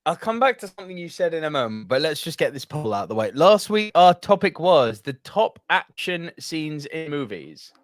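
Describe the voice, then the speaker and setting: A man chatting as co-host of a movie podcast, quick to joke and laugh. His voice is high and moves around a lot. The recording is dry and close. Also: very animated, no room sound. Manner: jokey, laughs often, swears casually. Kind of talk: casual chat.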